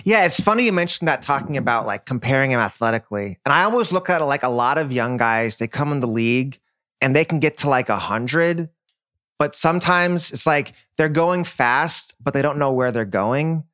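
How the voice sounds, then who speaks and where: A man's voice: mid-range voice, lively intonation, normal speed, fairly bright tone, no room sound. Enthusiastic man on a dry podcast mic. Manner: enthusiastic, builds points with stats and comparisons. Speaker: podcast co-host. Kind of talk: casual basketball chat.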